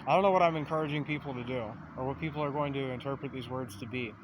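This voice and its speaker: A man's voice: mid-range voice, fast, a little hiss or hum. Profane, rambling man talking outdoors. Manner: profane, meandering, self-aware. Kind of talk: rambling casual monologue.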